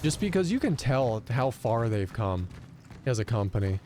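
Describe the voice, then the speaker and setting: A male game streamer talks casually over gameplay, animated and quick to curse. His voice sits at an ordinary middle pitch. A faint hum of room noise sits under him. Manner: animated storytelling, profane rants.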